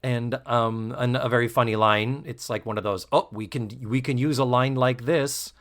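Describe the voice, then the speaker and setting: A man hosting a podcast, recapping a sitcom episode in casual, animated and profane chat. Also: moderate pace. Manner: animated, profane, breaks into squeaky mock voices. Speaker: podcast host.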